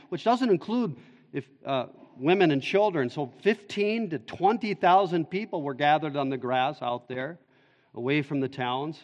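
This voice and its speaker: A man's voice: fairly high pitch, normal speed. A male pastor preaching an expository sermon in an earnest, explaining way. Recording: dull echoey church hall recording.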